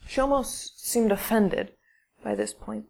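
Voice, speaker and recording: A woman with a gravelly, fry-tinged voice tells a personal story at a casual pace. Her delivery is shy and halting, full of restarts and pauses for effect. Her pitch sits in the middle range for a woman. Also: a little mellow. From English-speaking foreigner living in Russia. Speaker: English teacher telling a story.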